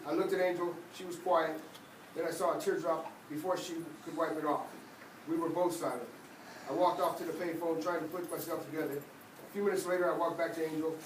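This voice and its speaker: A man reading a first-person memoir aloud with lively, conversational storytelling. His voice is fairly high for a man and sounds distant from the mic. Faint ambient sound hangs behind him. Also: brisk, slight background noise. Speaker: reader. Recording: echoey room, mic at a distance.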